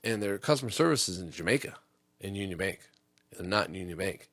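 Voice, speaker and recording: A man hosting a comedy podcast, rambling through a story and jumping into quick impressions. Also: low voice, expressive, fairly bright tone, no room sound.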